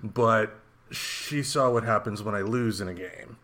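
A man hosting a casual chat podcast in a slightly low voice. He talks loosely, with lots of ums and uhs and an occasional curse word, in an easygoing way. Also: a little slow, bright, forceful tone. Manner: loose, swearing, lots of fillers. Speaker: podcast host.

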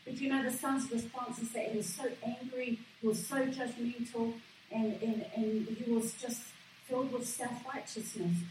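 A woman's voice: fairly high pitch, fairly even intonation, moderate pace, darkish tone, very echoey, distant mic, a little hiss or hum, low-quality recording. A woman preaching a sermon in an earnest way, with frequent fillers and restarts.

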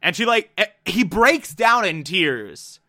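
A man casually recapping a TV episode, animated and profane, acting out characters' lines as he goes. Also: high voice, slow. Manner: animated, profane, quotes characters mid-story. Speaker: TV recap commentator.

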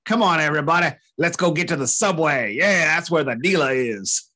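A man's voice: a little high, animated, brisk, bright, forceful tone, pitched above the performer's own voice. A man putting on a hammy New York accent as a goofy imagined rock singer. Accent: put-on New York. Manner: jokey, hammy.

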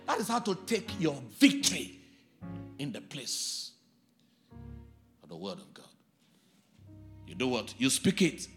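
A man, a pastor, preaching a sermon with shouted lines and sing-song call-and-response. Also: mid-range voice, huge pitch swings, measured pace, pauses often, soft background music.

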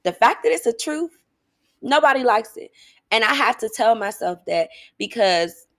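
A woman's voice: fairly high pitch, lively intonation, normal speed, fairly bright tone, no room sound, clean studio sound. A woman hosting a casual monologue, talking bluntly and emphatically, swearing freely as she shares her views and questions listeners. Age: adult, getting older. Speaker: podcast host.

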